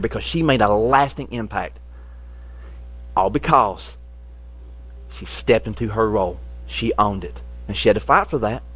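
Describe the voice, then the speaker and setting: A man preaching a sermon as a pastor, telling a childhood story and acting out the voices in it. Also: medium pitch. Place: church sanctuary.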